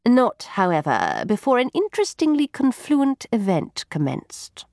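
A woman's voice: fairly high pitch, huge pitch swings, measured pace, creaky, darkish tone, no room sound, studio quality. Wry woman narrating an audiobook. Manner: arch, wry and prim. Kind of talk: scripted first-person narration.

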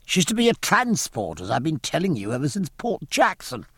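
A man voicing a hearty middle-aged naval captain who talks in brisk, jovial sea slang. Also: fairly high pitch, huge pitch swings, husky, no room sound, clean studio sound, full character voice.

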